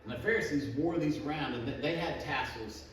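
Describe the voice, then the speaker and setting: A man preaching a relaxed, conversational sermon, often restarting his sentences and filling pauses with "um" and "you know". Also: mid-range voice. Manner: informal, frequent restarts and fillers. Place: church. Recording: very echoey room, distant mic, background noise.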